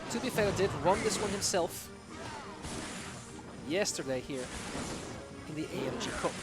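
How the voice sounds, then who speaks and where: A man's voice: sits high, animated, unhurried, loud music behind the voice. A man voicing an esports caster in a put-on Scottish accent, commenting live on a match in a playful, hammed-up way. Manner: playful, hamming it up.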